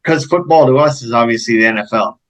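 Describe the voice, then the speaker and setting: A man's voice: medium pitch, a bit bright, poor audio. Easygoing Canadian man asking questions. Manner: halting, restarts, easygoing. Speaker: podcast host. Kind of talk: casual interview questions.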